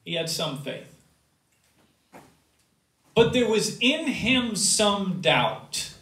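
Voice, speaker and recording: A man preaching a sermon as pastor, swinging from loud emphatic rises to quiet low asides. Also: sing-song, drawn-out words, roomy sound, distant mic. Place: church sanctuary.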